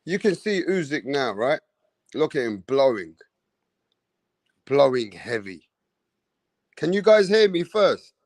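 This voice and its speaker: A man hosting a live-stream boxing breakdown, animated and mocking, with street slang and frequent swearing. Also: mid-range voice, takes it slowly, long pauses, no echo. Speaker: boxing commentator.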